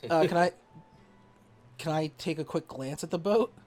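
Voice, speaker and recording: A man's voice: fairly high pitch, normal speed, darkish tone, soft background music. A man playing a tabletop role-playing game, asking casual questions in character. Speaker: player.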